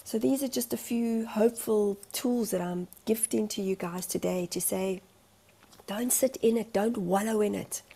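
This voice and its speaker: A woman's voice: mid-range voice, moderate pace, gravelly, mellow, a little hiss or hum. A woman in a candid vlog monologue, speaking as a life coach in an earnest, emotional, rambling way.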